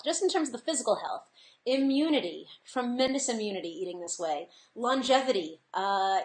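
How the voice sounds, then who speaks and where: A woman in her thirties hosting a webinar, talking in a chatty, earnest way with frequent fillers and laughs. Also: medium pitch. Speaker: webinar host. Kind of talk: casual presentation. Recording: echoey room.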